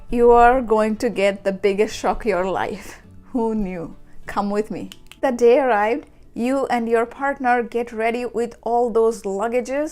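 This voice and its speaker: A woman's voice: fairly high pitch, a little mellow. Woman vlogger telling a story to camera. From India. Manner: addresses viewer directly, acts out little quoted voices.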